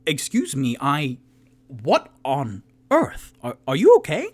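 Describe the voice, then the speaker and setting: A man's voice: mid-range voice, wildly swooping pitch, takes it slowly, full character voice. A man voicing a polite, genteel male adventurer who is easily shocked and speaks in prim exclamations. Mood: alarmed.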